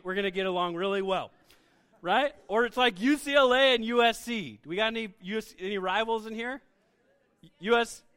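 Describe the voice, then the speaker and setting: A man's voice: high voice, fairly bright tone. A young man preaching a conversational sermon, asking the audience questions as he goes. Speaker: pastor.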